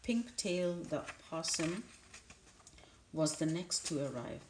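A woman narrating a children's novel aloud in a measured, unhurried way, with a few small restarts. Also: low voice, animated, reverberant, noisy background. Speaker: audiobook narrator. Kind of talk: storybook read-aloud.

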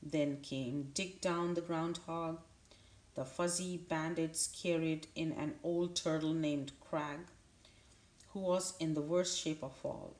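A woman narrating a children's novel aloud in a measured, unhurried way, with a few small restarts. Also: low voice, fairly even intonation, a little mellow, roomy sound. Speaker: audiobook narrator. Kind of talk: storybook read-aloud.

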